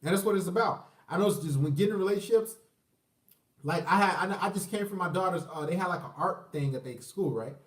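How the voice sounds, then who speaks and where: A man's voice: high voice, fast, far from the mic. A man giving a profane, rambling, casual rant to camera, often breaking into laughter. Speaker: vlogger. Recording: roomy, from the mic.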